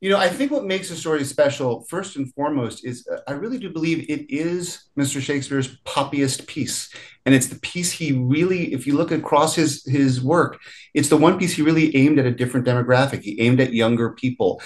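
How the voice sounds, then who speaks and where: Animated middle-aged man in an interview. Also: a little high, brisk. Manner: animated, laughs often, restarts sentences. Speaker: film writer and director, guest. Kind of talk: casual interview.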